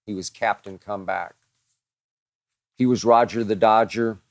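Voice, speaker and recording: A man's voice: lowish voice, steady tone, a little slow, dry recording, clean studio sound. A man hosting a show, answering listener questions in a dramatic, emphatic monologue that piles up strong words.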